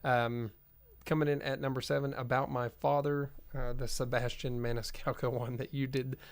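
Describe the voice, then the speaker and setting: A man's voice: mid-range voice, flat delivery, moderate pace. A man co-hosting a movie podcast, reading box office figures in a matter-of-fact, casual way. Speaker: podcast co-host.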